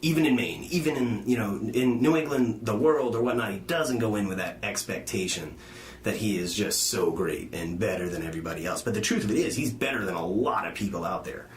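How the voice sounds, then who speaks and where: A young man with a fairly low voice talks in loose, casual podcast chat. He rambles, restarts his sentences and laughs often. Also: brisk, echoey room, a little hiss or hum. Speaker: podcast co-host.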